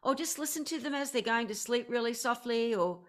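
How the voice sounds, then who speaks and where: Australian woman guest, bubbly, laughs a lot, bright and slightly high voice. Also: brisk. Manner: bubbly, enthusiastic, laughs often. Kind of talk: casual interview chat.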